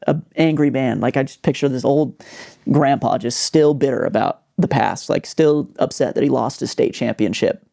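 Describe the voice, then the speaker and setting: A man hosting a podcast, telling a story in a casual, animated way with lots of fillers. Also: medium pitch, normal speed, vocal fry. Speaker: podcast host.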